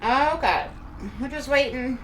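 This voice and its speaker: An unhurried, high-voiced middle-aged woman from Kansas, USA, rambles and chats casually while eating during a home live stream. Echo from the room and faint background noise come through on the recording.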